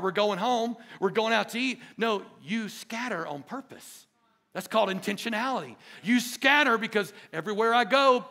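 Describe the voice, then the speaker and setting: A man, a pastor preaching a sermon to his congregation, calling for responses and building to emphatic peaks. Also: extremely high pitch. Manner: call-and-response preaching, rising to emphatic shouts.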